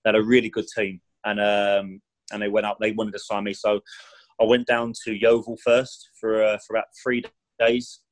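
Speaking at a normal speed in a fairly low voice that barely shifts in pitch, a retired professional footballer guests on a podcast and chats his way through career anecdotes. He rambles, says "do you know what I mean" a lot, and raises his voice to act out quoted speech. The audio is poor.

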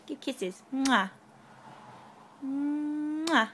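A woman's voice: high voice, animated, takes it slowly, long pauses, slight background noise. A woman at home filming her toddler on a handheld camera, coaxing him to wave in a sing-song voice. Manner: coaxing, sing-song talk to a small child. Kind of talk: casual home video. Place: home, by a couch.

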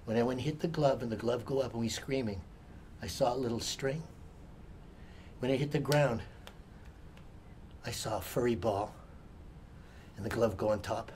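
Older guy from hawaii, pidgin accent, telling a spooky kids story, goes hushed then gets all worked up. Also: mid-range voice, moderate pace, long pauses, slight background noise. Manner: theatrical, swings from hushed to excited.

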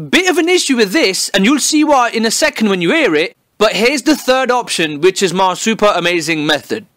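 A man's voice: high voice, bright, forceful tone, no echo, clean studio sound. A young man, delivering a cheeky, sweary comedy monologue to camera. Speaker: comedy YouTuber.

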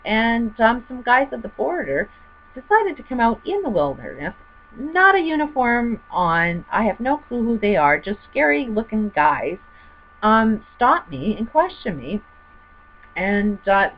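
A woman's voice: medium pitch, sing-song, a little slow, lo-fi sound. A woman telling a personal story in a rambling, heated way, full of fillers. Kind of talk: personal testimony monologue.

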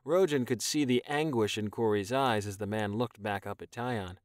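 A man narrating a novel as an audiobook, in an expressive storytelling manner. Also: lowish voice, moderate pace, no room sound, studio quality. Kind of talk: scripted narration.

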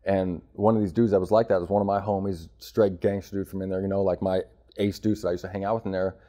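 A man's voice: low-pitched, flat delivery, fast, mellow. A man in his thirties from Arizona, talking candidly as an interview guest about his time in prison, blunt and full of street slang. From Arizona, United States. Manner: blunt, streetwise slang, frequent "bro" and "you know".

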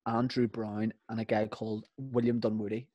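A man's voice: on the low side, flat delivery, normal speed, no echo, highs cut off. A man co-hosting a podcast, telling rambling stories in casual chat, swearing and laughing as he goes. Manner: rambling storyteller, swears, laughs mid-story. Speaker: podcast co-host.

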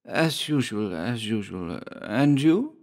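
A man's voice: fairly low pitch, big pitch swings, takes it slowly, heavily acted. A man doing a spiteful old washerwoman. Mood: curt. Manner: grave, haggling.

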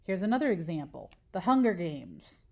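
A woman's voice: on the low side, big pitch swings, normal speed. Patient woman teacher explaining step by step. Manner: patient step-by-step explaining, asks and answers her own questions. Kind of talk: recorded online lesson.

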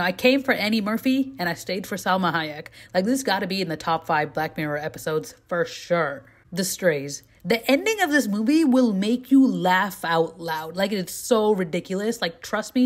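A young woman who vlogs, running through quick, candid movie reviews in a casual, chatty way, full of "like" and "you know" and bursts of giggling. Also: fairly low pitch. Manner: bursts of giggling between opinions. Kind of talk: casual rapid-fire movie review chat.

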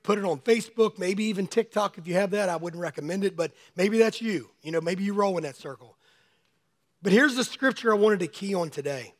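High-voiced male pastor preaching, a bit hoarse. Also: fairly quick. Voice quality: slightly hoarse. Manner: conversational preaching, speaking to congregants by name. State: losing his voice. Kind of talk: sermon. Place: church sanctuary.

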